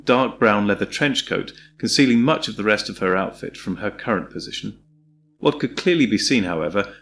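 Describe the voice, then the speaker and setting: A man reading an audiobook in a measured, descriptive storytelling manner. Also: fairly low pitch, a bit bright, a little hiss or hum. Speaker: audiobook narrator. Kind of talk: scripted audiobook narration.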